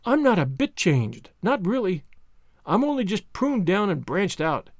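A man's voice: sits high, very animated, measured pace, no echo, exaggerated voice. Male reader doing a tender young heroine, earnest and affectionate, storybook. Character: young woman, bright and tender-hearted.

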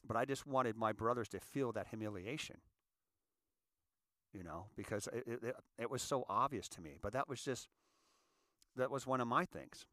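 Earnest sixty-year-old man, halting, dry sound. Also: mid-range voice, bright, forceful tone, dry recording. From California, US. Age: 60s. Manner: halting, repeats words, earnest. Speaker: show host. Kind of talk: confessional monologue.

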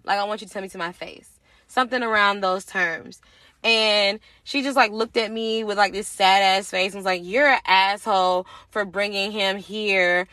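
A young woman hosting a podcast, telling a personal story in casual, profane, animated talk and acting out the other people's lines. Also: medium pitch, normal speed, dry recording. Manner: animated, profane, acts out quoted voices. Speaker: podcast host.

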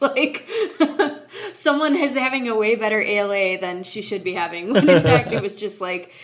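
A woman's voice: on the high side, normal speed. A woman co-hosting a casual book podcast, telling self-deprecating stories with frequent laughter and lots of "like.". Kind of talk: casual chat, storytelling.

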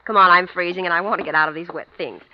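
An actress playing a brisk, practical wife who teases her husband. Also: fairly low pitch, steady tone, lightly acted. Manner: brisk, teasing. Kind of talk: radio drama acting. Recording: dull lo-fi old recording, faint hiss.

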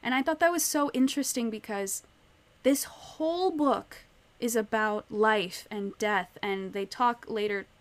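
A woman's voice: a little high, unhurried. A woman in a casual book discussion, retelling scenes with lots of "like" and "you know.". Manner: animated storyteller, retelling scenes with many "like"s.

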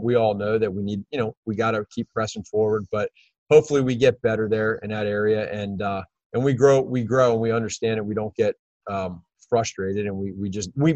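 A man speaking as a football coach at a press conference, halting and restarting his sentences. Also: on the low side, darkish tone, no echo, dull audio.

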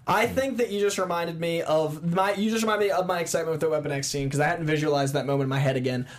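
Fast, high-voiced excitable male host. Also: a little hiss or hum. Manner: excitable, enthusiastic. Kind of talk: casual movie review chat.

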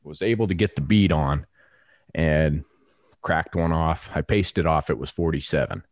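A man co-hosting a podcast, telling a story in a casual, animated, salty way and acting out voices. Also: very deep voice, normal speed, no room sound, studio quality. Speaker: podcast co-host.

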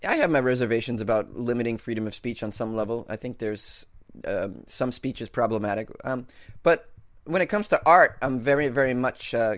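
A man running a comedy podcast alone, riffing loosely and laughing at his own jokes between false starts. His voice has an ordinary middle pitch, recorded dry and close with no room sound. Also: no echo. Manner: rambling, self-amused, full of fillers and restarts. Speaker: podcast host. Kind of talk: casual comedic monologue.

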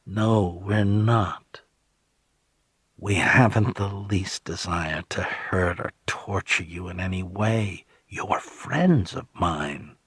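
A calm, coaxing man speaks with soft, insistent patience, sometimes sinking to a near whisper, as a male narrator puts him on. His voice is low and husky, recorded close and dry. He sounds gentle but cold. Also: takes it slowly, no echo, exaggerated voice. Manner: soothing, insistent, dropping to a hush. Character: calm, persuasive middle-aged man, coldly gentle.

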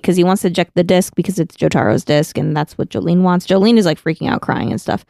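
Animated woman recapping in casual chat. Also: lowish voice, quick pace, creaky, hardly any pauses, no room sound, clean studio sound. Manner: animated retelling with quoted lines. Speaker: podcast co-host.

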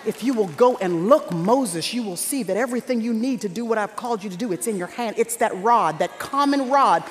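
High-voiced woman preaching in a hall. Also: lively intonation, fairly quick, a little hiss or hum. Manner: dynamic, swings from hushed to shouting. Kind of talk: sermon. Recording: reverberant hall with faint crowd.

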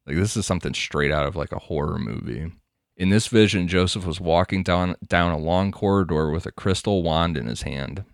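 A man's voice: sits low, moderate pace, gravelly, no echo, studio quality. A man hosting a podcast, telling a crime story in a casual, crude, laughing way. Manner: laughing, crude, conversational narration. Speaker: podcast host.

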